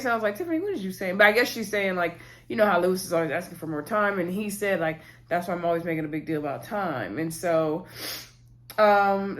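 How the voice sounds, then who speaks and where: A woman casually recapping a reality TV episode, chatting to viewers as "y'all" and retelling scenes through quoted lines. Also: medium pitch. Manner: retells scenes by quoting cast members.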